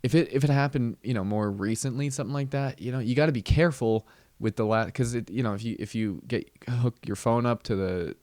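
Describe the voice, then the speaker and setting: A man's voice: medium pitch, brisk, dry recording. A man hosting a comedy podcast, telling a rambling, profane story in a casual way. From Southern California. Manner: rambling, swears freely, acts out yelling and sings song snippets.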